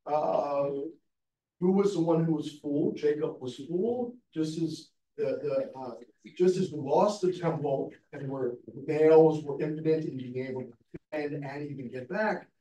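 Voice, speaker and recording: Mellow-voiced man arguing a point. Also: on the high side, moderate pace. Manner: challenging, argues a counter view. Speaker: class participant. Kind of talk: discussion in a study class. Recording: roomy, distant mic, faint noise.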